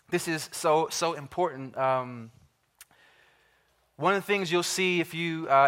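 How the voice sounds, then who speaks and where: A man with a high voice preaches to his congregation. He leans hard on repeated phrases, slows down to stress key words, and puts direct questions to the listeners. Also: a bit bright. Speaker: pastor. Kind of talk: sermon.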